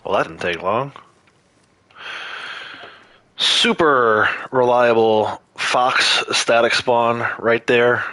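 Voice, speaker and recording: A man's voice: mid-range voice, very slow, long pauses, bright, forceful tone, no echo. A man giving casual, chatty commentary to viewers while playing a game on a livestream.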